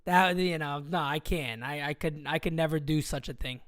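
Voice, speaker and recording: A man's voice: fairly high pitch, normal speed, fairly bright tone, no room sound, studio quality. A young man hosting a casual sports livestream, rambling and joking as he reads out viewer comments. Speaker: livestream host.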